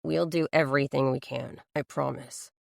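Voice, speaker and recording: A woman reading the lines of a gentle, protective teenage boy in an audiobook, speaking softly and reassuringly. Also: very deep voice, steady tone, normal speed, creaky, no room sound, voice pushed down, full character voice.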